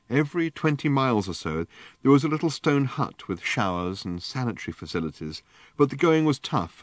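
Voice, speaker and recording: A man reading an audiobook in measured, deadpan narration. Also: low-pitched, no room sound, studio quality. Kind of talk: scripted narration.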